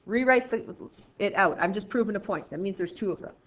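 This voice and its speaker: A woman with a mid-range voice teaches a math class a little fast, playful and jokey with exaggerated asides. The classroom is echoey and the sound dull and lo-fi.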